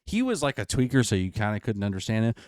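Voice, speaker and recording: A man's voice: lowish voice, very animated, fast talker, darkish tone, no echo, studio quality. A young man co-hosting a casual podcast, rambling and hesitant, his words often trailing off. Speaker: podcast co-host. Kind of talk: casual chat.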